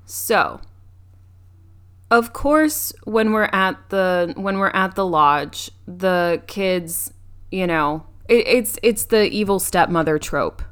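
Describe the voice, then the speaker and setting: A woman's voice: medium pitch, animated, slow pace, fairly bright tone, smooth. A young woman co-hosting a podcast, casually recapping a movie's plot with frequent ums and restarts. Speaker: podcast co-host.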